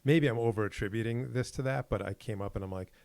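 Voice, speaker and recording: A man's voice: medium pitch, fast, creaky, dry recording. A man co-hosting a podcast in casual chat, telling stories animatedly and acting out what people said. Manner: animated storyteller who acts out quoted exchanges. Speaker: podcast co-host.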